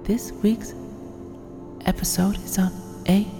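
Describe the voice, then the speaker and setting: A man's voice: high voice, level tone, slow, gravelly, voice pushed up, full character voice. A man putting on a creepy, crooning ASMR host voice in whispered role-play. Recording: long reverb with music behind.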